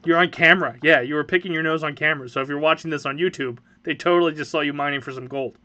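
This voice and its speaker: A man's voice: on the high side, fast, bright, forceful tone, highs cut off. A man in his thirties hosting a casual family podcast, teasing and dry-humored. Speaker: podcast host, parent.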